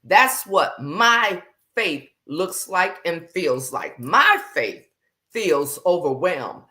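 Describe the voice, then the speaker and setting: A woman hosts a casual faith livestream and talks straight from the heart. She is blunt and frank, mixes slang into her preaching and greets viewers by name. Her voice sits a little low for a woman. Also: sing-song, very slow, bright, forceful tone. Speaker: livestream host.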